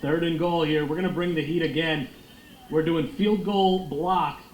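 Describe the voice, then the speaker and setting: A young man giving loud, excitable, profane commentary while playing a football video game. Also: fairly high pitch, normal speed. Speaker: gaming streamer. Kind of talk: live gameplay commentary. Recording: echoey room with faint noise.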